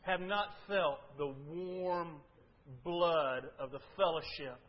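An older male preacher, delivering a sermon that moves between loud, fervent pleas and quiet, low confiding talk. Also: takes it slowly. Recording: dull lo-fi recording.

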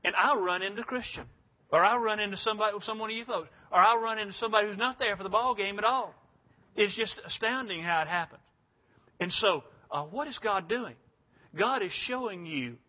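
A man's voice: high voice, fairly quick. An older man preaching a sermon in a folksy, rambling, emphatic way. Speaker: pastor. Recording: dull lo-fi sound.

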